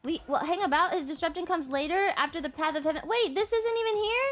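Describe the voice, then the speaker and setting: Young woman streamer, high voice, casual and foul-mouthed, quick to exasperated rants at chat. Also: expressive. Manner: profane, exasperated outbursts at chat.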